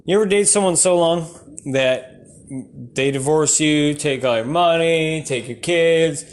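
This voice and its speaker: A man doing stand-up comedy, rambling from bit to bit and breaking into shouty rants. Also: on the high side, measured pace.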